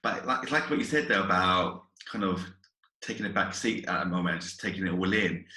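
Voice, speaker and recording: Fast-talking bright-voiced man. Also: sits low. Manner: animated storyteller, laughs often. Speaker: podcast host and orchestra leader. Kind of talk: casual podcast chat. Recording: echoey room.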